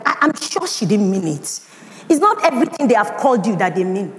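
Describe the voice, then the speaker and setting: Nigerian woman, lively talk in echoey hall. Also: a little high, a little hiss or hum. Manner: storytelling with dramatic emphasis. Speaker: speaker. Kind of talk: motivational talk. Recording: echoey hall, faint ambience.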